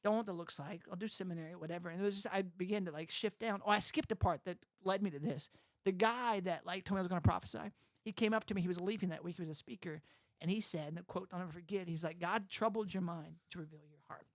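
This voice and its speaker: A young adult man telling his story as an interview guest, animated, often laughing and acting out the voices of others. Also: high voice, fast talker, no echo, clean studio sound. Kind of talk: casual storytelling.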